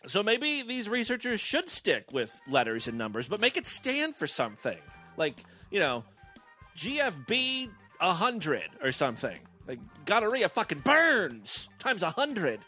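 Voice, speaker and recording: A man's voice: medium pitch, moderate pace, soft background music. A man hosting a comedy show, reading news stories aloud and breaking off into profane, sarcastic riffs. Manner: profane, sarcastic, animated, riffing asides. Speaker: comedy podcast host. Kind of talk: irreverent comic news reading.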